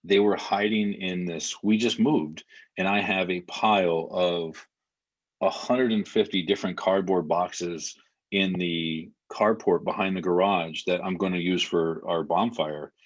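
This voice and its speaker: A man's voice: deep voice, fairly even intonation, a little slow, muffled recording. A man in his thirties, a podcast guest, telling an emotional story with lots of fillers. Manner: vivid retelling with many fillers.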